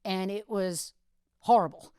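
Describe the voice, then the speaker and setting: Woman, fifties, veteran radio host, mid-pitch, dry close sound, lively storyteller who acts out quotes. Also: unhurried, clear, resonant tone, no room sound. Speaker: radio host as podcast guest. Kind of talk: casual storytelling chat.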